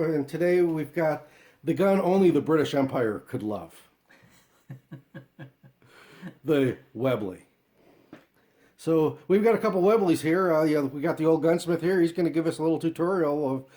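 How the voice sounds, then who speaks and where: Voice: medium pitch, a little fast, warm tone. A channel host with a laid-back, joking manner introduces the video. The delivery is casual and easygoing.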